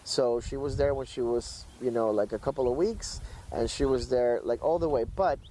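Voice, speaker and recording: A man in a casual podcast chat, explaining dog training in an animated way, acting out little voices and using many fillers. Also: medium pitch, normal speed, slight background noise, poor audio.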